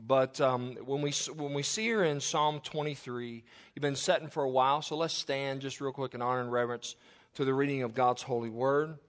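A man's voice: medium pitch, brisk. Earnest preacher man. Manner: earnest preaching, reads scripture aloud with emphasis. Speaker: pastor. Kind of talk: funeral sermon.

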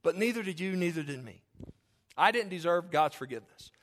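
Man, pastor, mid-life; folksy sermon, jokes and restarts, pitched high. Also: lively intonation, fairly quick, a bit bright. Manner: folksy, joking asides, repeats himself.

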